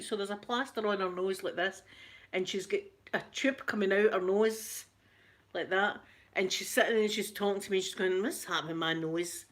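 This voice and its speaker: A middle-aged woman with a Scottish accent, hosting a casual live chat, chatty and quick to laugh, often repeating herself. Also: medium pitch, a bit bright. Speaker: livestream host.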